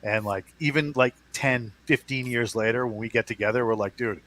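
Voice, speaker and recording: A man's voice: medium pitch, fairly quick, a bit bright. Chuckling man telling stories. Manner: laughs often, many fillers, storyteller. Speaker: podcast panelist. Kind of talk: casual panel chat. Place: at home, wife in next room.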